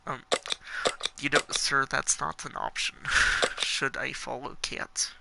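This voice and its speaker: A man's voice: mid-range voice, sing-song, takes it slowly, creaky, very noisy. A man reading game text aloud and commenting casually, playful and giggly, with jokey asides between the lines. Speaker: let's play gamer.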